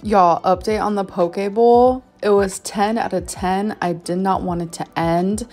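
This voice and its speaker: A woman in her thirties chatting casually to her viewers at home, unhurried and full of "um" and "like". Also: mid-range voice, steady tone, darkish tone, faint music behind. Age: 30s. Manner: unhurried, chatty, many fillers like "um" and "like". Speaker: vlogger. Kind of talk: casual vlog chat.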